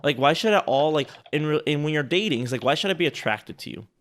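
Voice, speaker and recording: A man co-hosting a casual chat, rambling and restarting his sentences, quick to laugh. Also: on the high side, expressive, slight background noise. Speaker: co-host reviewing sales outreach.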